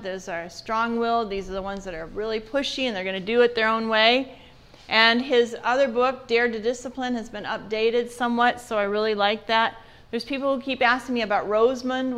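A woman's voice: on the high side, a bit bright, smooth. Conversational woman teaching parents. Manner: conversational, asks the audience questions. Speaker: parenting class speaker. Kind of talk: church parenting seminar talk.

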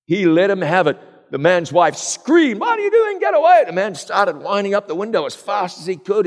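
Middle-aged male preacher, earnest rhetorical sermon, slightly high voice, long hall echo. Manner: rhetorical, earnest, direct address.

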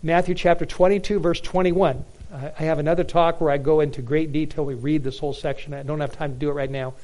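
A man's voice: fairly high pitch, steady tone, fast, a little mellow. A man preaching a sermon in an earnest, emphatic way, with frequent restarts and fillers. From United States. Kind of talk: sermon on Bible prophecy.

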